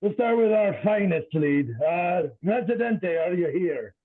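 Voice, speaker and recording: Husky high man on a tinny line. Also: lively intonation, a little slow. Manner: hesitant, filler-heavy, joking. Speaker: board secretary taking attendance. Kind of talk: casual meeting roll call with pirate jokes. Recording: tinny phone-like call audio.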